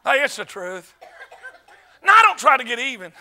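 A man, an evangelist preaching a revival sermon, telling stories in an animated way and breaking into shouts. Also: very high-pitched, normal speed. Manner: animated storytelling, bursts of shouting. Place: church sanctuary.

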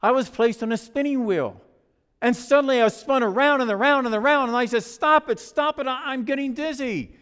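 A man's voice: very high voice, fairly quick, a bit bright, clear, resonant tone. A man voicing a talking teacup that was once clay, pleading and complaining as it tells its story. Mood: dizzy. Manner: pleading, storytelling in first person. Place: church sanctuary. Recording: long church reverb.

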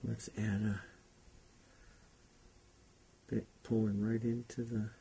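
A man's voice: fairly low pitch, little pitch movement, slow pace, vocal fry, warm tone, a little hiss or hum. A man teaching a painting class, talking unhurriedly and thinking aloud as he paints. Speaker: painting instructor. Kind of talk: relaxed painting demonstration.

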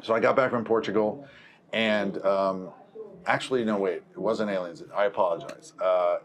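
A man's voice: lowish voice, steady tone, moderate pace, crowd noise. Man telling a rambling anecdote. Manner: rambling, self-correcting, acts out quoted dialogue. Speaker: film producer. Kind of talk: conversational storytelling.

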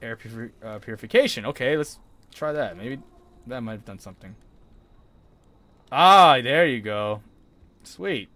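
This gaming streamer, a young man, narrates a horror game with jumpy yelps and bursts of nervous laughter. He speaks at medium pitch, expressively and at a measured pace with long pauses. The tone is sharp and the recording dry.

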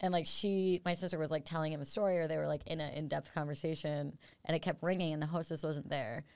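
A woman hosting a podcast, chatting casually and telling a story with lots of fillers and animated quoted dialogue. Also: low voice, fast talker, smooth, no room sound. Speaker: podcast host. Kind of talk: casual chat.

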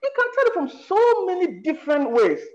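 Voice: extremely high pitch, wildly swooping pitch, brisk, muffled recording. A screenwriter from Ghana with a Ghanaian accent, talking on a panel in an emphatic way and asking rhetorical questions. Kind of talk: panel discussion.

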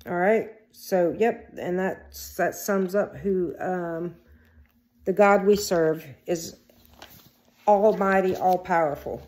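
Woman, devotional vlogger, earnest halting scripture reading, lowish voice. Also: a little mellow.

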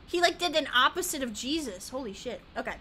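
A woman's voice: sits high, expressive, a little fast, sharp tone, a little hiss or hum. A woman gaming streamer chatting casually while she plays, rambling, giggly, easily sidetracked and swearing a lot.

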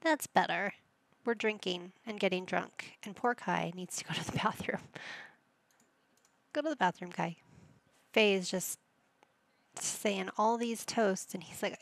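Woman gamer host, unhurried, dry close-mic sound, casual running commentary talking to her characters. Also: mid-range voice, vocal fry, no room sound. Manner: chatty, talks to the game characters as she plays. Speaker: gaming channel host. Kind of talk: casual let's-play commentary.

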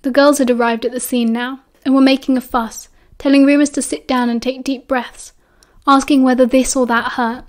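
Casting: British woman, audiobook narrator, high voice, expressive and steady. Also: normal speed, hardly any pauses. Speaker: audiobook reader.

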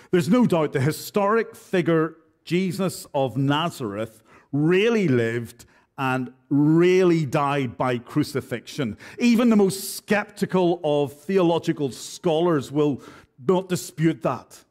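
Guy preaching in church, kinda high voice, earnest, keeps asking the congregation questions. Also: animated, takes it slowly, a little mellow. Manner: earnest, direct, uses rhetorical questions. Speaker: pastor. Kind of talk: expository sermon.

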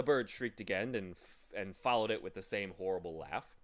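A man reading a children's novel aloud with slow, dramatic narration. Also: sits low, heavy background noise. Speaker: reader. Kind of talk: storybook reading.

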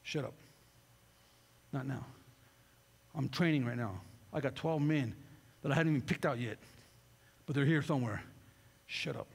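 A man preacher voicing Jesus as a calm, commanding man, speaking firm and hushed. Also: mid-range voice, normal speed, creaky, long pauses, breathy edge, voice pushed down.

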